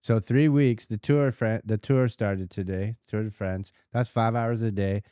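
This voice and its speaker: A man's voice: on the low side, steady tone, measured pace, dark tone, clean tone, dry recording, clean studio sound. Laid-back, rambling man co-host. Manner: laid-back, rambling, loses his train of thought. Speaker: podcast co-host. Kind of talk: casual chat.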